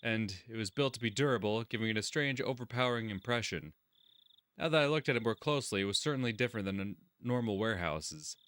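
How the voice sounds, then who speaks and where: A man's voice: lowish voice, expressive, quick pace, fairly bright tone, smooth, no room sound. A man hosting a let's-play, reading game narration aloud and adding crude, sarcastic commentary.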